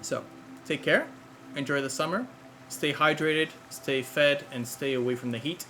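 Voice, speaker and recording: A man narrating and running a tabletop game as game master, in a slow, relaxed, descriptive manner. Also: fairly high pitch, a little hiss or hum.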